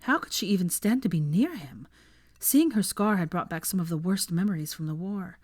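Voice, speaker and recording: A woman reads fan fiction aloud with steady, expressive storytelling. Her voice is on the low side, and the recording is dry with no room sound. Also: fairly quick, no echo. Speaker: narrator.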